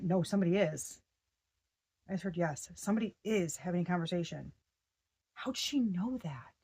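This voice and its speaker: Woman, tarot reader, casual spiritual reading, excitable, slangy, cuts herself off and restarts. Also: medium pitch. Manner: excitable, breaks off mid-sentence and restarts; slangy and profane.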